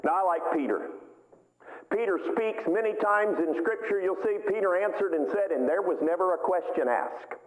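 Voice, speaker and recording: A man's voice: sits high, normal speed, roomy sound, big-room sound, rough recording. A man preaching a sermon as pastor, with sweeping, emphatic rises in his delivery. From United States.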